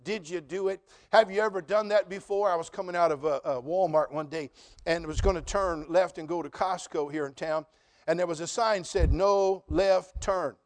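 A middle-aged pastor with a highish voice and fairly even intonation preaches briskly. He tells stories and questions the congregation directly, building to emphatic repeated phrases.

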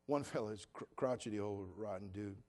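This man has a lowish, darkish voice and talks fairly quickly. He's a pastor from Cherokee preaching a sermon full of folksy stories, earnest and plain-spoken, acting out the voices he quotes.

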